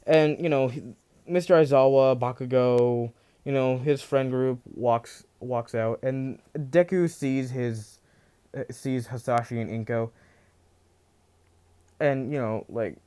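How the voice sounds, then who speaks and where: A man with a medium-pitched, dark, clear, resonant voice takes his time casually telling a fan fiction story. He rambles, restarting often and filling gaps with phrases like "you know."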